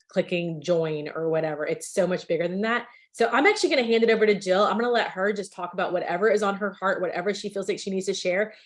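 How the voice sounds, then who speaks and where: A woman hosting a video call, chatty and enthusiastic, with lots of filler words. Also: fairly low pitch. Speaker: meeting host.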